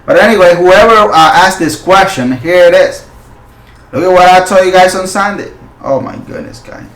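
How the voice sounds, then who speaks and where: A male forex channel host giving live market analysis, excitable and slipping into loud hype and exclamations, with non-native English phrasing. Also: high-pitched, normal speed, echoey room.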